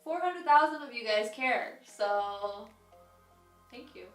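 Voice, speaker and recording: A young woman vlogger telling an engagement story in casual chat, animated and laughing as she talks. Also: a little high, slow. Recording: roomy, distant, with music.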